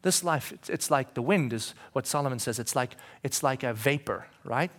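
A male pastor giving a sermon in a church, talking conversationally, asking the congregation questions and moving between quiet moments and shouting. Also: mid-range voice, expressive, normal speed.

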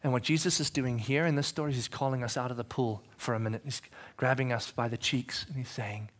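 A male pastor giving a sermon in a church, talking conversationally, asking the congregation questions and moving between quiet moments and shouting. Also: medium pitch, steady tone, fairly quick, hardly any pauses.

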